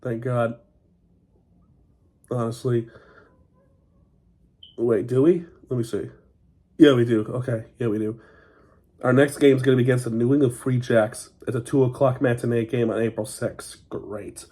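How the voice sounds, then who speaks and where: A man's voice: mid-range voice, steady tone, moderate pace, long pauses, dark tone. A man hosting his own fan channel, giving an unscripted game recap while sick with a cough, frustrated and exasperated as he complains. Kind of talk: unscripted sports recap rant.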